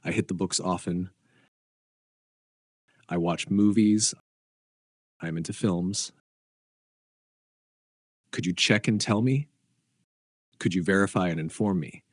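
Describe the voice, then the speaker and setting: A man reading short English practice phrases one by one, with an even, deliberate delivery. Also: sits low, breathy edge, no room sound, clean studio sound. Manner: slow, evenly spaced, deliberate delivery.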